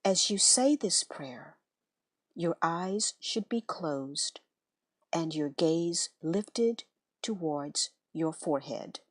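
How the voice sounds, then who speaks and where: A woman reads devotional text in an unhurried, reverent cadence, her voice sitting a little low. The sound is close and dry, with no room around it. Her delivery stays calm and measured throughout. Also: no room sound. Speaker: reader of spiritual letters. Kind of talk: scripted devotional reading.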